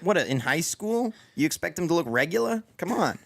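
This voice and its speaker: Hoarse, rambling man chatting on a podcast. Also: fairly high pitch, sing-song, normal speed. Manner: rambling storyteller with many restarts. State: voice going hoarse. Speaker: podcast host. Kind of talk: casual chat.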